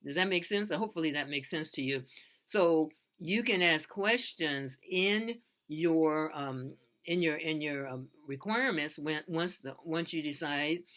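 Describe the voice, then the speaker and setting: Casting: bright, forceful-toned freelancer, rambling tutorial advice, earnest and unpolished. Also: medium pitch, measured pace. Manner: earnest, loose and repetitive, with many restarts. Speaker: freelance voiceover artist. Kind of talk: casual how-to advice talk.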